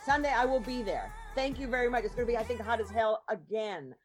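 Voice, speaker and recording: A woman's voice: fairly high pitch, lively intonation, quick pace, soft background music. A woman hosting and producing a podcast, introducing guests in a chatty, rambling way with lots of ums. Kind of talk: casual chat show introductions.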